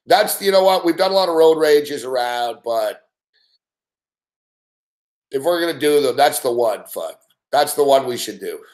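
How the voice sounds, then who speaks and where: A man's voice: medium pitch, animated, measured pace, pauses often, darkish tone. A middle-aged Canadian man hosting a late-night betting stream, rambling and swearing constantly with frequent laughs. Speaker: host.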